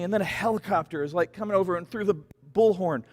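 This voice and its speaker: High-voiced man giving a youth talk. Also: fast talker, few pauses, darkish tone. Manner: casual, rambling, acts out story voices. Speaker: youth group leader. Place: church. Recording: long church reverb.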